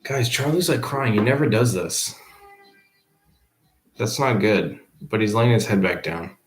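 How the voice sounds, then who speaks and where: A man with a fairly low voice chats loosely on a home livestream, reading his viewers' comments and tossing back replies. He is a teacher, easygoing and unpolished. The sound carries a noticeable roomy echo. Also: unhurried. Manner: reads viewer comments aloud and answers them offhandedly. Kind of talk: casual livestream chat. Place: at home, below the baby's room.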